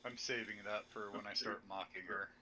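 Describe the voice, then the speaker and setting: A man with a bright, forceful voice chatting eagerly as a tabletop player. He asks about moves and cheers his character on. He talks over an online voice call, with a faint hiss behind him. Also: on the low side, steady tone, brisk, low-quality recording. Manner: eager, enthusiastic. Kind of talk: casual game chat.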